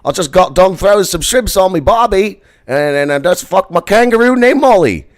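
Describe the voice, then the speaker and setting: A man's voice: high-pitched, lively intonation, normal speed, voice pushed up. A man doing a crude, exaggerated mock Australian accent as a boastful young Australian man.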